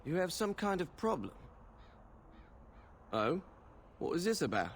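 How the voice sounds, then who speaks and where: An actor playing a cornered runaway who speaks in an apologetic, resigned way in a video game. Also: male voice, high voice, very animated, measured pace, slight background noise. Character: cornered, regretful runaway man.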